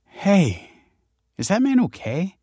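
Man doing a brash young woman, quick and snappy, dry close read. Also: lowish voice, sing-song, no echo. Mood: teasing. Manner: sharp, snappy banter.

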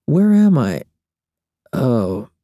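Guy doing a grumpy sleepy young woman, higher pitch, a bit distant from the mic. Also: big pitch swings, extremely slow, dark tone, no echo, studio quality. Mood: groggy.

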